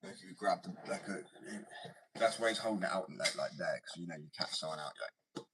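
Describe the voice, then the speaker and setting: A man's voice: extremely low pitch, normal speed, fairly bright tone. A young man rambling casually and swearing, often dropping to a whisper. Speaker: vlogger. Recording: far from mic, faint noise.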